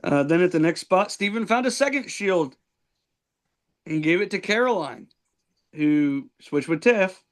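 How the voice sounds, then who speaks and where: A man's voice: high-pitched, expressive, unhurried, long pauses. A man hosting a podcast, recapping a reality show in casual chat with plenty of ums and likes. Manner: rambling play-by-play recap with many ums and likes. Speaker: podcast host.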